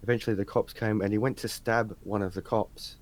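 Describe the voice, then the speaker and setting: A man's voice: lowish voice, steady tone, brisk. An Australian man interviewing a guest, telling anecdotes in a chatty, slangy way. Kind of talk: casual chat.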